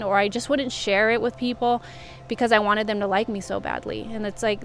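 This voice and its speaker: A young woman talking candidly and reflectively about her own life, rambling a little with fillers. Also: mid-range voice. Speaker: vlogger and coach. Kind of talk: personal confessional talk.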